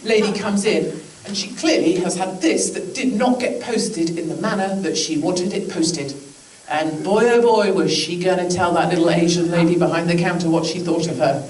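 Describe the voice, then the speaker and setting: Her voice sits on the low side with a darkish tone and a moderate pace as this British political speaker from England addresses a crowd in a big indoor hall. The talk is chatty, peppered with jokes and quotes she acts out. It was captured from far off in an echoey room, with audience noise audible.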